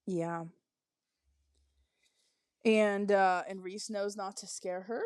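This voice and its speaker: A woman co-hosting a podcast, talking in a relaxed, casual way with plenty of fillers. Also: mid-range voice, slow, smooth. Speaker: podcast co-host. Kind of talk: casual chat.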